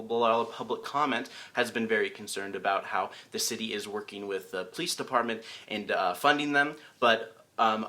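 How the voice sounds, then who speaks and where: A man's voice: medium pitch, bright, forceful tone. A man hosting a casual local morning show, loose and rambling with lots of fillers. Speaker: host.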